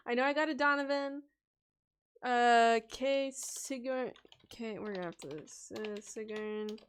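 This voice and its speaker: A woman's voice: a little high, slight background noise. A woman hosting a casual livestream and reading viewer names aloud from chat. She giggles often, gets distracted and stumbles over names as she scrolls. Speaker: livestream host and storytelling bard.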